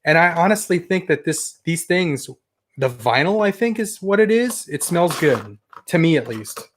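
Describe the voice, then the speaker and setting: This toy collector channel host is a young adult man with a slightly high, very animated voice, speaking at a moderate pace. He rambles cheerfully through viewer comments during a casual livestream about collecting toys.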